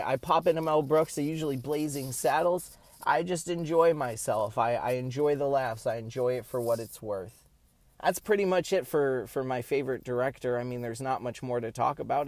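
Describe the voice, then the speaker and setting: A man's voice: on the high side, no echo. A man hosting his own podcast alone, talking casually and rambling through lists of movies. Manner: rambling, chatty, lists titles with pauses. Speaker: podcast host. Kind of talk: casual solo podcast monologue.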